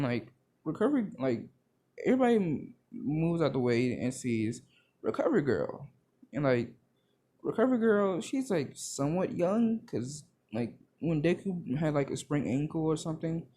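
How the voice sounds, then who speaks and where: A man's voice: on the high side, dark tone. A young man casually narrating a made-up fan story, rambling and full of fillers. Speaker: video creator.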